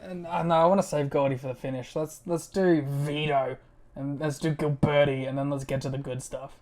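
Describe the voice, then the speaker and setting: A man's voice: fairly high pitch, fairly even intonation, brisk, a little mellow, slight background noise. A man co-hosting a podcast in casual chat, with dry, joking remarks. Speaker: podcast co-host.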